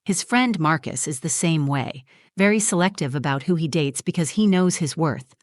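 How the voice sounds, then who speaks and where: A woman's voice: deep voice, lively intonation, moderate pace, no room sound, clean studio sound. A woman narrator voicing a smug, condescending young bride-to-be who lectures in a preachy, patronizing tone.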